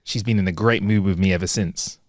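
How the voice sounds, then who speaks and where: A man co-hosting a podcast, casually reading jokes aloud and laughing loudly at his own punchlines. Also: sits low, steady tone, fairly quick, dry recording, clean studio sound. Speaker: podcast co-host. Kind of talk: casual joke-telling chat.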